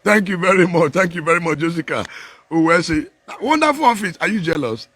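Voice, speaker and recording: A man with a Nigerian Pidgin accent talks in a loose, unscripted live chat, swinging between laughing asides and churchy exhortation. His voice sits a bit high for a man and comes across bright and forceful. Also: fast. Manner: animated, laughing, preachy, mixing Pidgin and English. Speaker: political commentator.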